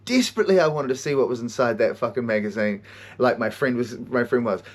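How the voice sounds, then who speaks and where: A man hosting a podcast, telling stories in an animated way, swearing a lot and often laughing. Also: mid-range voice, quick pace. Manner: animated storytelling, heavy swearing, frequent laughter. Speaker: podcast host and counselor. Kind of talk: casual monologue.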